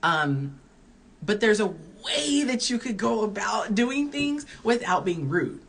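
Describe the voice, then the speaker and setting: A woman's voice: medium pitch, sing-song, slow, creaky, husky. A woman in her early forties, a dating coach, giving candid advice in a chatty live-stream Q&A while reading viewer comments aloud. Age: early 40s.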